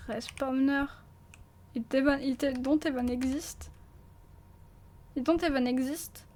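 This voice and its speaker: High, slow-talking French woman streamer. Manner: jumpy, stammering, swears and laughs. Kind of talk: live gameplay commentary.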